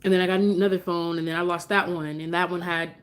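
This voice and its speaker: Chatty, emotional woman, slightly low voice. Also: little pitch movement, fast talker, slight background noise. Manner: chatty and emotional, switching to sing-song coaxing with her toddler. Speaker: mother live-streaming at home. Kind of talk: casual live-stream chat.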